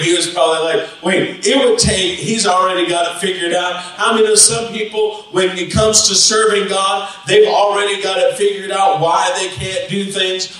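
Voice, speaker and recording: A male pastor preaching a lively sermon and acting out the voices of the disciples, recorded in a church sanctuary. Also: high-pitched, recorded from a distance. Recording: echoey church hall, off-mic.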